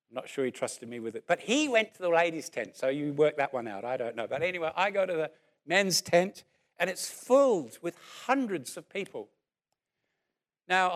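A man around sixty, preaching a sermon as a lively story and then leading a prayer, acting out what people said. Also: a little high. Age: about 60. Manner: animated storyteller who acts out what people said.

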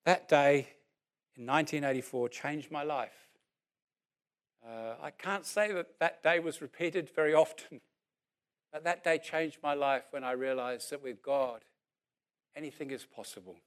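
A man around sixty, preaching a sermon as a lively story and then leading a prayer, acting out what people said. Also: fairly high pitch, a little slow, pauses often, clean tone. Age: about 60. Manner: animated storyteller who acts out what people said.

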